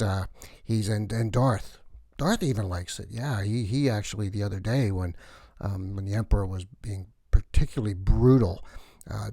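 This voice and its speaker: A man's voice: lowish voice, darkish tone, no echo, studio quality. A man playing a gossipy male cleaner on a space station, rambling through chatty news full of asides in a comic sketch.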